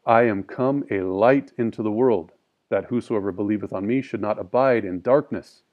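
A man teaching a scripture study. He reads verses slowly and with emphasis, then explains them in plain, casual talk. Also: on the low side, highs cut off. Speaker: Bible teacher.

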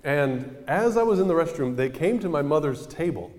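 A man preaching a storytelling sermon in a conversational, animated way, often tossing questions to the congregation. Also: on the high side, moderate pace, big-room sound.

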